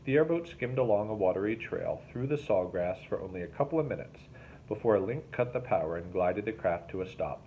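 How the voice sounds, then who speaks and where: A male teacher reading a novel aloud to his class, in steady, plain narration with an occasional restart. His voice sits low, and the recording is slightly dull with a faint hiss behind it. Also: a little fast.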